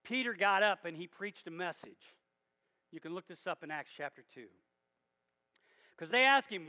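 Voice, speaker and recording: A man's voice: high voice, animated, moderate pace, bright, forceful tone. A man preaching a sermon to his church, talking directly to the congregation and pressing his points with emphatic bursts. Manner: emphatic, rising to bursts of volume. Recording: long reverb of a hall.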